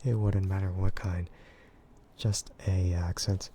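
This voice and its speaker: An American man chatting in a soft, gentle ASMR voice, relaxed and hesitant with frequent giggles. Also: sits low, takes it slowly, a little hiss or hum. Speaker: VTuber streamer. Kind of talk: soft-spoken ASMR chat.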